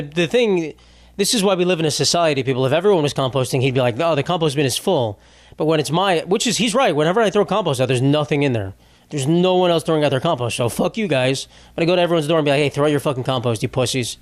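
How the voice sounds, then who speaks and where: A man's voice: on the high side, dry recording. A young man hosting a solo comedy podcast, ranting in a rambling, profane, exasperated way. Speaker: podcast host.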